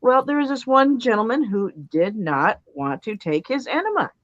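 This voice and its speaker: A woman's voice: fairly high pitch, moderate pace, lo-fi sound. A woman telling a playful anecdote about her mother, acting out the voices of the people in it. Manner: playful, lively storyteller who acts out voices. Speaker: guest storyteller. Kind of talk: animated anecdote.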